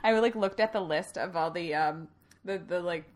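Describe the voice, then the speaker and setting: A woman chatting casually and telling animated stories, laughing often. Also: on the low side, normal speed. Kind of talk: casual chat.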